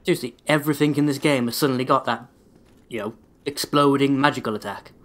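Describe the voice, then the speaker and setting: A man's voice: medium pitch, steady tone, quick pace. A man with a sore throat giving rambling, sarcastic let's-play commentary, swearing often as he plays. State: sore throat, voice held back. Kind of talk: casual gameplay commentary.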